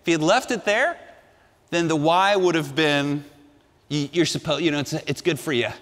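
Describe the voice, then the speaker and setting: A male pastor preaching a sermon with emphatic delivery, dropping to a hush and then rising to ringing emphasis. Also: a little high, normal speed, in a large hall. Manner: emphatic, swinging between hushed and ringing delivery.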